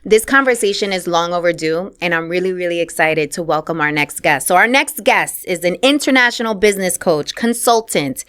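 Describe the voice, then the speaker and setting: A woman hosts a casual interview podcast with a somewhat low voice. She talks in a playful, slangy way and drops Spanish words into her chat. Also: brisk, hardly any pauses, fairly bright tone, smooth. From Puerto Rican heritage. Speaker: podcast host.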